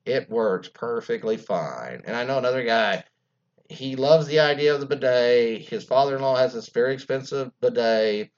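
A man's voice: mid-range voice, moderate pace, lo-fi sound. A man hosting an internet radio talk show, rambling casually with many fillers and restarts and some crude jokes.

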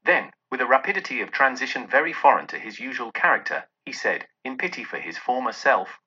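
A male narrator reading a classic tale with lively, expressive pitch. His voice is husky but bright and forward. The recording is dull and lo-fi. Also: a little fast. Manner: expressive storytelling. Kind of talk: scripted narration of a classic novel. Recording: dull lo-fi audio.

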